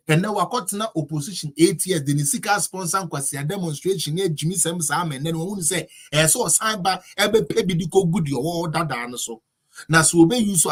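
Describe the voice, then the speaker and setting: A man's voice: a little high, husky. A man with a Ghanaian accent delivering a heated, mocking political commentary rant.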